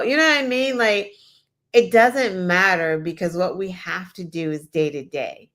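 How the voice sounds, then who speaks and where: A woman's voice: fairly low pitch, a little slow, a bit bright. Emphatic, profane woman co-host. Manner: emphatic, profane, with many "like" and "you know" fillers. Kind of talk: casual political chat.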